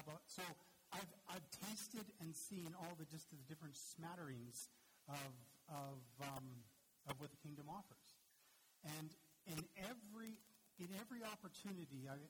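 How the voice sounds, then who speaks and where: A man's voice: on the high side, background noise. A man giving an informal, conversational sermon, often correcting himself mid-sentence. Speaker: pastor.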